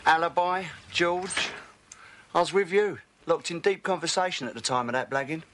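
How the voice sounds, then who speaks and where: A man plays a small-time crook, cocky and evasive. His voice sits high for a man. The old television soundtrack has clear background noise. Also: normal speed, natural voice. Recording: noisy TV drama soundtrack.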